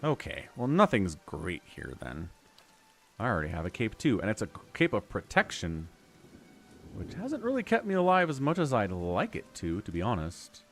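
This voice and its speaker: Chatty man streaming a game, lively pitch. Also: moderate pace. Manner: chatty, reads game text aloud, jokes to himself. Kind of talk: casual gameplay commentary.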